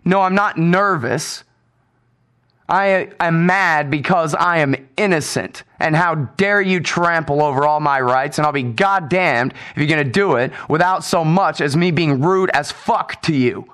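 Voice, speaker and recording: An American man hosting a radio show, delivering an indignant, sarcastic solo rant with loud outbursts and swearing. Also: on the high side, moderate pace, few pauses, smooth.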